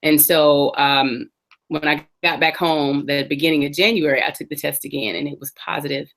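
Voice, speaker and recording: A woman in her forties, an interview guest, earnestly telling her personal story with reflective pauses and restarts. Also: deep voice, fairly even intonation, a bit bright.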